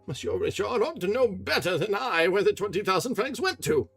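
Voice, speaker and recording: A shrill, high old woman who yelps and splutters in outrage, her voice leaping all over the place, as a male reader puts her on. Her tone stays breathy and husky, with faint music playing behind. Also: sing-song, fairly quick, a bit bright, full character voice. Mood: outraged. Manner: shrill, choked, yelping outbursts. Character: furious indignant old woman, shrill and toothless.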